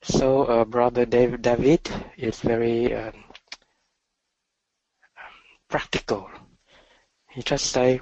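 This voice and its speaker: Soft-spoken slow meditation teacher, man. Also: mid-range voice, steady tone, no echo, muffled recording. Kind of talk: dharma talk.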